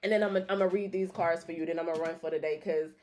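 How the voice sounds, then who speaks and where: A woman hosting a spiritual vlog, chatting casually with many fillers and restarts, slangy and excitable. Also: fairly low pitch, very fast. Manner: laughing, excitable asides. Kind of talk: casual chat to viewers.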